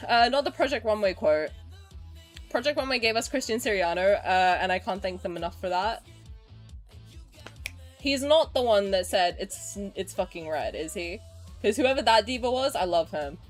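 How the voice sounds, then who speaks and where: A woman in her twenties chatting casually on a stream, answering chat in an animated way, swearing freely and swinging between low mumbles and loud outbursts. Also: normal speed, soft background music. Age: 20s.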